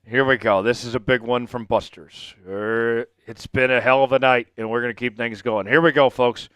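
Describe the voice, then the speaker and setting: A man's voice: medium pitch, steady tone, normal speed, hardly any pauses, fairly bright tone, clear, resonant tone, dry recording. A man hosting a live sports fan stream while drinking, swinging from hype chants to emotional thanks. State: drinking, tipsy. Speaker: sports livestream host.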